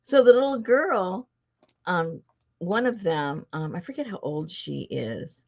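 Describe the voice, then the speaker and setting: A middle-aged woman tells a home story in an unhurried, lively way, her pitch rising and falling widely and her laughter breaking in often. The recording is a little dull and lo-fi, as if from a simple home setup. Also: gravelly. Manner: chatty, laughs often, animated retelling. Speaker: host. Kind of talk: casual storytelling chat. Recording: dull lo-fi sound.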